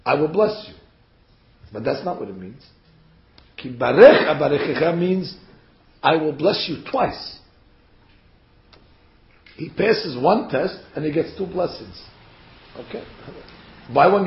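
A man teaching a Torah class, reading verses aloud and acting out the figures' words in a lively way. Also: on the high side, measured pace, long pauses, a little hiss or hum. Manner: animated, acts out the figures' words. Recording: dull, echoey room.

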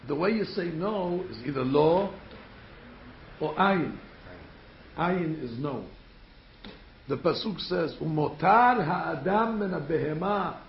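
Rabbi delivering a sermon, gravelly, slightly high for a man; echoey, dull recording. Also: slight background noise. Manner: animated, rhetorical questions, acts out quotes. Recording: echoey room, dull sound.

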